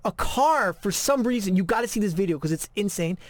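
A high-pitched man tells animated stories in a casual podcast chat, often restarting his sentences. The sound is dry and close, with no room around him. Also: brisk, no room sound. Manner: animated storyteller, many repeated starts. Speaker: podcast co-host.

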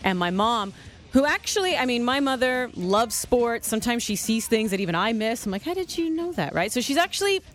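A woman hosting a sports radio talk show, telling stories in a chatty, animated way. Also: fairly high pitch, fairly quick, faint music behind.

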